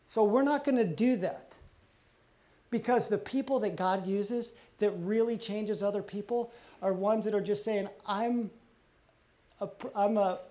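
A middle-aged man preaching a sermon as pastor, earnest and confessional, often dropping soft and low on personal moments.

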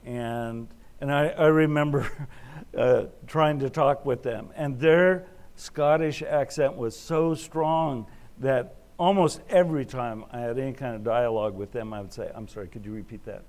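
A middle-aged man preaching a sermon in a relaxed, conversational way, often restarting his phrases as he tells personal stories. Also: mid-range voice, measured pace. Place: Alaska.

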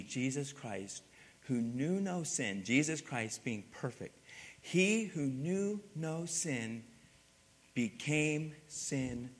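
A man preaching a sermon as pastor, rising to loud emphatic peaks and dropping to hushed, low passages. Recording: long hall reverb.

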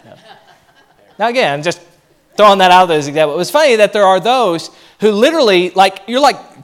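Preaching with high-pitched energy and a fairly quick pace, this pastor delivers a lively sermon. He performs the voices of those he quotes, animating each one.

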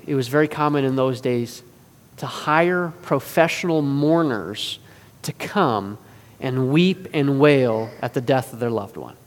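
A man preaching a sermon in an earnest way, moving between forceful and hushed delivery. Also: mid-range voice. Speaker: pastor. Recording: long reverb of a large hall.

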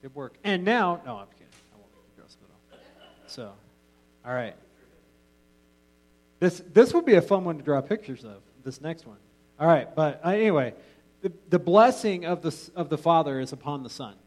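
A man's voice: fairly high pitch, sing-song, normal speed, pauses often, poor audio. A man teaching an informal Bible class in a casual, joking way, often restarting his sentences.

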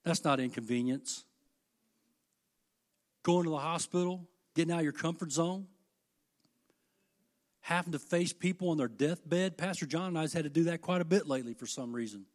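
A middle-aged man preaching a sermon, folksy and impassioned, moving between hushed asides and loud, emphatic peaks. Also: a little high, normal speed, long pauses.

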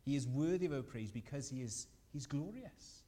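Male preacher, emphatic and lively, questions the congregation, mid-pitched. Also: normal speed. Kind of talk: sermon.

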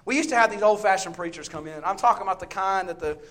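A middle-aged man with a Southern US accent preaches a sermon in church. His voice sits high, and he tells stories with loud, shouted peaks and hushed asides. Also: fast talker. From Southern US, Texas. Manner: loud, storytelling, swings between shouting and quiet asides.

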